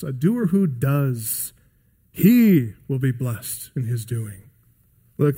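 A man's voice: fairly high pitch, darkish tone. A man preaching a sermon, emphatic and asking the listeners rhetorical questions. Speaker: pastor.

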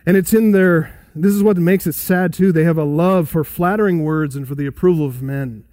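A man with a fairly high voice preaches an expository sermon. He is emphatic, then sinks into hushed, solemn asides. The sound is dry and close to the mic. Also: normal speed, dry recording. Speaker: pastor.

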